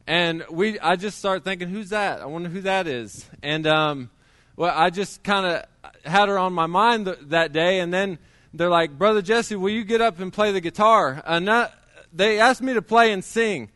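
A man's voice: high voice, normal speed, pushed and bright, smooth, no echo, studio quality. A middle-aged man preaching a sermon, telling his testimony in a conversational way with many restarts.

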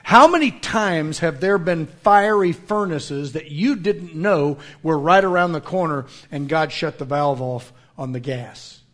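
Fervent preacher, loud then hushed. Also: male voice, on the high side. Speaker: pastor. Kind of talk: sermon.

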